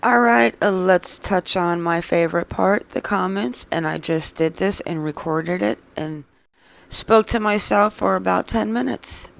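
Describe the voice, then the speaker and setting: Gravelly, blunt true crime vlogger. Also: mid-range voice, steady tone, a little slow. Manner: blunt, sarcastic replies; opinionated, chatty. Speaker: true crime channel host. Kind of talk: casual vlog commentary reading viewer comments.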